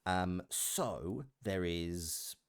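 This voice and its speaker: Deep-voiced Merseyside man, dry sound. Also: very slow, clean tone, no echo. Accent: Merseyside English. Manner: thoughtful, explanatory. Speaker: voice actor. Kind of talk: casual chat on a live stream.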